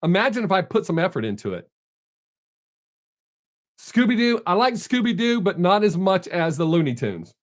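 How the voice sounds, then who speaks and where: A man's voice: high voice, sing-song, normal speed, long pauses. A man chatting casually on a live stream, answering viewers bluntly and without a filter. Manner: blunt, unfiltered, reads out viewer names.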